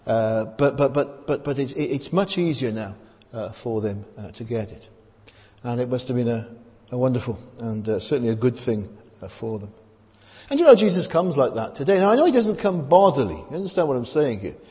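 Male preacher, lively pitch, conversational sermon, long hall echo. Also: a little fast. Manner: conversational, rhetorical questions, frequent hesitations.

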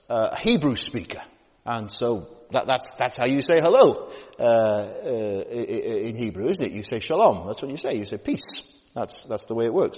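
A male preacher gives a conversational sermon in a church hall, and his voice echoes with a long reverb. His pitch moves in a lively, animated way as he speaks. He stumbles and restarts often and keeps checking in with his listeners through tag questions.

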